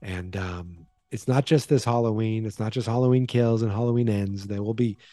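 A man with a Boston accent hosts a solo podcast, rambling in a playful, self-deprecating style of casual chat. His voice is lowish and mellow at a moderate pace, recorded with no room sound.

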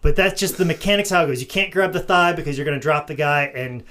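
A man with a slightly high voice tells stories on a podcast. He builds his anecdotes with energy and breaks into laughter partway through his lines. The tone is loose, conversational and unscripted. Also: quick pace, background noise. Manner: animated storyteller, laughs mid-sentence. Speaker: podcast host and wrestler. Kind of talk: casual podcast chat.

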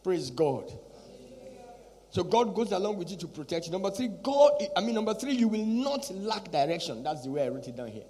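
A man's voice: high voice, big pitch swings, normal speed, mellow, in a large hall. A male pastor preaching a sermon, repeating his points and pressing the listeners with rhetorical questions.

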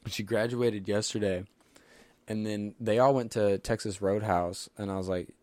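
A man's voice: on the low side, fairly even intonation, moderate pace, darkish tone, no echo. A young man in casual podcast chat, rambling through party stories with lots of "dude" and "like.". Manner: rambling storyteller, full of "dude" and "like", laughs often. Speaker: podcast host.

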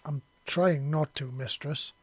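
A man's voice: on the high side, slow pace, breathy edge, no echo. A man voicing a nervous young human soldier who speaks in an apologetic, anxious way.

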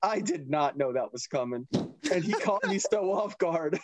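A man's voice: on the high side, lively intonation, normal speed, background noise. A young man co-hosting a casual podcast, loose, profane and laughing easily. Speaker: podcast co-host.

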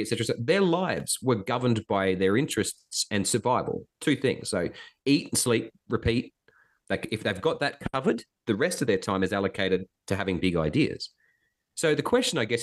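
Wry, chatty man with low voice. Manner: chatty, wry storyteller with asides and laughs. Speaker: podcast guest. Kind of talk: casual conversation.

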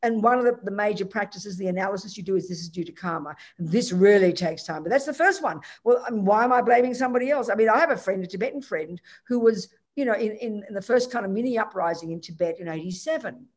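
A woman's voice: medium pitch, fast talker, hardly any pauses. A woman teaching Buddhist ideas, answering a student directly and emphatically, acting out quoted lines.

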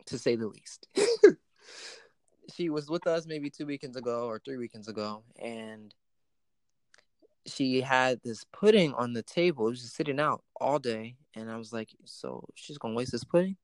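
A man's voice: medium pitch, very animated, normal speed, no room sound. A man hosting a casual chat, telling a personal story with plenty of quoted dialogue.

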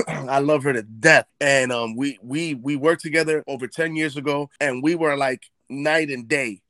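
A man's voice: mid-range voice, moderate pace, no echo. A man from Brooklyn with a New York accent, co-hosting a podcast, telling stories animatedly with plenty of swearing. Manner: animated, swears freely, acts out quoted dialogue. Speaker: podcast co-host. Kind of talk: casual chat, storytelling.

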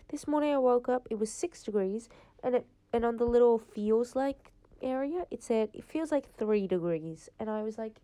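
A woman's voice: on the high side, expressive, moderate pace, hardly any pauses, warm tone, clean tone. Chatty teen girl podcaster. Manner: rambling, chatty, lots of "like" fillers. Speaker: podcast host. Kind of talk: casual solo podcast chat. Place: home, late at night.

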